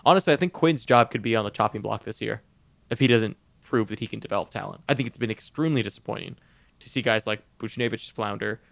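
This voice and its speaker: A man co-hosting a podcast in casual sports chat, animated, laughing often and tripping over his words. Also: lowish voice, fast talker, creaky, no echo. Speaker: podcast co-host.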